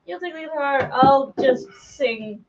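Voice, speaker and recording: Woman co-host, high animated voice, playful laughing banter, lo-fi home recording. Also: normal speed, noisy background. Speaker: co-host and singer. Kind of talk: casual chat between songs. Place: apartment.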